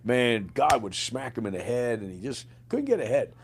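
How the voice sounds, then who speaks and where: A man in his sixties, an army veteran and podcast guest, telling stories in an animated way, swearing often and calling the listener man and bro. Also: mid-range voice, normal speed, slight background noise. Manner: animated, profane, says man and bro a lot. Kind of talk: storytelling in a podcast interview.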